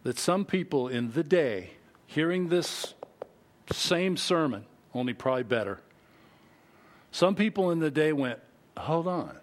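Man, pastor, sermon, high voice, emphatic, animated, acts out voices. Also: a little slow, pauses often.

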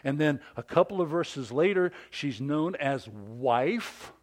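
A man preaching a sermon who asks his listeners questions, rising on key words and then dropping low. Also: animated, slow. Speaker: pastor.

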